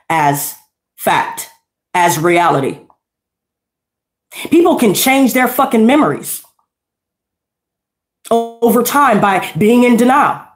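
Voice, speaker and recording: A woman's voice: fairly high pitch, reverberant. A woman giving a tarot reading, ranting bluntly and heatedly with lots of profanity. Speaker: tarot reader. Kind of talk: unscripted tarot reading rant.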